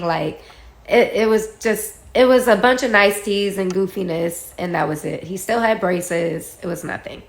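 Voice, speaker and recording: A woman casually telling a personal story, animated and acting out what others said. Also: medium pitch, a little slow. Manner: animated, acts out quoted dialogue, laughs while telling. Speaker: guest storyteller. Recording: roomy echo.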